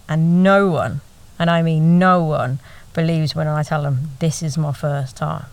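A young woman narrating her own story in a wry, conversational way, swearing freely and now and then dropping to a whisper. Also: lowish voice. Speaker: podcast narrator and host. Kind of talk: first-person storytelling narration.

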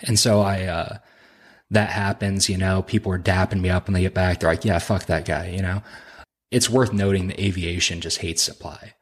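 A man's voice: low voice, steady tone, moderate pace, slightly rough. A man on a podcast as a guest, casually telling a laugh-filled, profane story from his army days. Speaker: podcast guest, helicopter crew chief.

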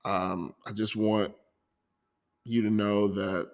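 A man's voice: lowish voice, flat delivery, slow pace. Guy on his podcast venting about his week, stammers and repeats himself, raw and emotional. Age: adult, divorced. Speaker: podcast host. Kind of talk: personal monologue.

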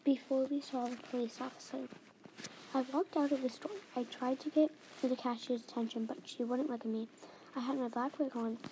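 Junge Frau liest stockend eine eigene Geschichte vor. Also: female voice, high voice, fairly even intonation, dark tone, rough recording. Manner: halting, restarts phrases, reads in first person. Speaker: reader of her own story. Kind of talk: reading a homemade story aloud. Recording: faint background noise.

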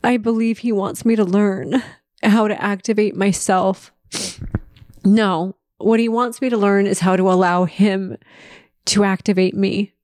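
A woman's voice: mid-range voice, steady tone, unhurried, darkish tone, dry recording, clean studio sound. A woman hosting her own podcast, speaking in an earnest, emotional and confessional monologue. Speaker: podcast host.

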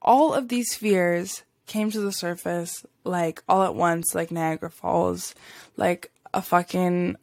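A woman's voice: on the low side, fairly even intonation, takes it slowly, creaky, a little mellow, no echo, clean studio sound. A woman hosting a podcast, telling a spiritual story in a casual, rambling way, full of fillers and little laughs. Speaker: podcast host.

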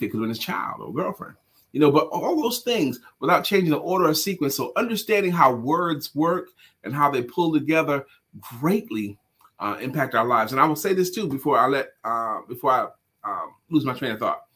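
Male host and sales coach, husky voice, lively pitch, emphatic and repetitive. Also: brisk. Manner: animated and emphatic, repeats key phrases. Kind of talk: casual livestream chat.

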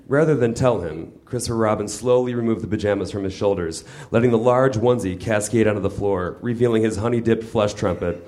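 Man, deadpan, mock-literary, comic story reading, small theater, audience noise. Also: lowish voice, brisk, few pauses. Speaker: comedian reading a story aloud. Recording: live stage mic with audience laughter noise.

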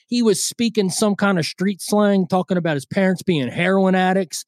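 A man's voice: sits high, normal speed, no room sound, clean studio sound. A man co-hosting a boxing podcast in casual, crude, joking banter. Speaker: podcast co-host.

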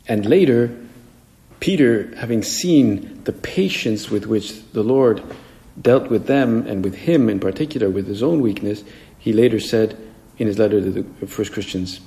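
A man's voice: on the low side, measured pace, vocal fry, warm tone. A man, a priest, preaching a homily in a conversational way and acting out the voices he quotes. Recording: echoey hall with long reverb.

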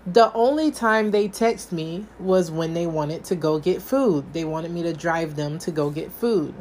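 A young woman telling a casual storytime vlog, animated, acting out what her past self said. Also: fairly low pitch, a little slow, slight background noise. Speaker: vlogger.

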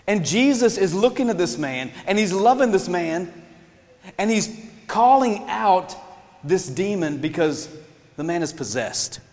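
A man preaching a sermon in an animated way, laughing often and acting out the people in his stories. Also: sits high, big-room sound. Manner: animated, laughing, acts out voices in quotes.

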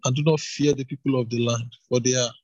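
A man reading the lines of two spies pleading with a crowd to trust the Lord, in a husky voice. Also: medium pitch, steady tone, fast, darkish tone, no echo, lo-fi sound, natural voice. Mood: fervent. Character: Joshua and Caleb, men urging a frightened crowd.

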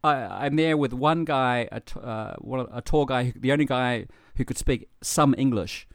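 A man's voice: medium pitch, moderate pace, no room sound, studio quality. A man from New Zealand with a New Zealand accent, telling a personal story in casual podcast talk, swearing freely and getting emotional.

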